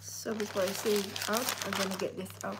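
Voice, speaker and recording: A woman talking through an unboxing vlog in an upbeat, chatty way, using simple phrasing. Her pitch sits in an ordinary middle range. The recording carries clear background noise. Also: fairly even intonation, brisk. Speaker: vlogger. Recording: noisy home video recording.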